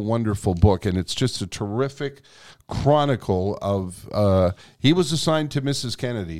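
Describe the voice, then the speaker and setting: This podcast co-host is a middle-aged man whose fairly low, somewhat mellow voice carries a casual, meandering chat packed with filler words.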